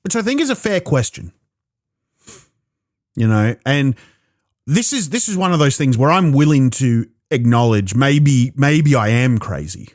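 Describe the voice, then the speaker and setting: A man with an Australian accent doing a profane, animated stand-up set alone in his own room, stammering into restarts. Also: medium pitch, unhurried, no room sound, studio quality. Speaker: stand-up comedian. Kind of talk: stand-up comedy performed alone.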